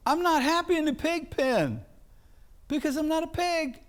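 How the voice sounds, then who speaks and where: A man's voice: very high-pitched, expressive, normal speed, voice pushed up. A man acting out a young prodigal son who suddenly realizes his mistake and exclaims in protest. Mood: startled realization. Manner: exclaiming, pleading.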